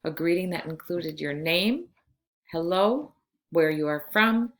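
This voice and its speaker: A woman in her forties with a low voice, teaching a class. She gives slow, clear instructions and moves easily between two languages. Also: expressive. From California. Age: 40s. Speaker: Spanish teacher. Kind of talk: recorded class lesson.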